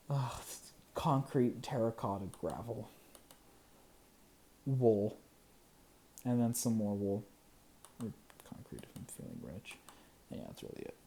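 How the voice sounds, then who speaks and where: Gravelly, lively gameplay mutterer. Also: mid-range voice, a little hiss or hum. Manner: muttering and counting to self, chuckling, sometimes whispering. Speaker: gameplay video creator. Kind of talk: casual gameplay commentary.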